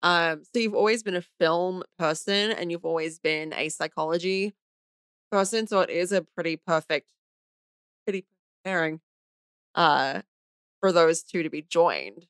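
A chatty woman from Australia in her thirties talks casually with her partner, laughing easily and leaning on "like". Her voice sits a little low for a woman. The recording is close and dry, with no room sound. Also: unhurried, long pauses, fairly bright tone, clear, resonant tone, dry recording. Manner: chatty, laughs often, uses "like" a lot. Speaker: podcast guest, host's wife. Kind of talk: casual chat.

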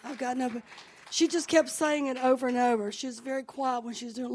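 A woman's voice: high voice, fairly even intonation, fast. A woman pastor telling a healing testimony to a church congregation. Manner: warm storytelling, quoting others, enthusiastic.

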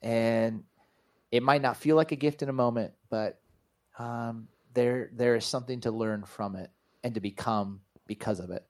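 A man with a medium-pitched voice speaks earnestly and reflectively as an interview guest. He is a pastor and author, and he talks thoughtfully in spiritual terms. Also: fairly even intonation, moderate pace, a little mellow. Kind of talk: reflective conversation.

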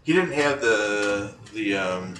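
A man co-hosting a chat show about paranormal investigations, telling rambling, animated stories full of restarts. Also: fairly low pitch, takes it slowly. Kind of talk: casual radio-style chat. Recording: echoey room, distant from mic, faint noise.

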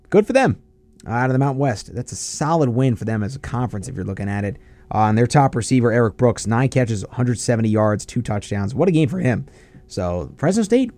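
A man hosting a casual college football talk show, breaking down games with quick asides. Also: mid-range voice, dry recording. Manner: lively, animated analysis with quick asides.

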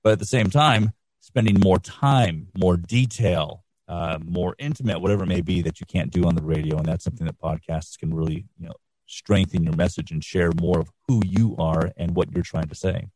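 A middle-aged man speaking as an interview guest, relaxed and explanatory, on a quality studio microphone. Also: deep voice, moderate pace, no echo. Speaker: guest, radio instructor and podcast producer. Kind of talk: casual interview answers.

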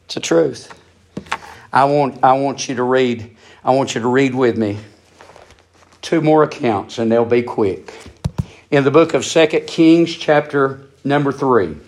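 A man's voice: mid-range voice, measured pace, long pauses, darkish tone, slight background noise. A man preaching a sermon, emphatic and repetitive, building in intensity.

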